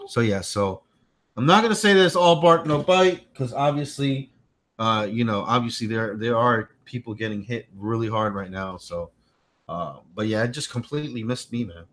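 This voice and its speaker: Speaking at an ordinary middle pitch and normal speed, a tech channel host chats casually on a home livestream in a slightly bright voice. He wanders, circles back over the same points, and keeps turning aside to coax his little boy.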